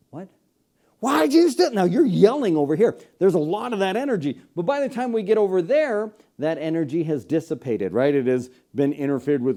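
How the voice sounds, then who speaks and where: A man's voice: fairly high pitch, mellow. An American man hosting a children's science show, explaining demonstrations in a chatty way and often checking in with "okay?". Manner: chatty, tags sentences with "okay?". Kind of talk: science demonstration lesson for kids.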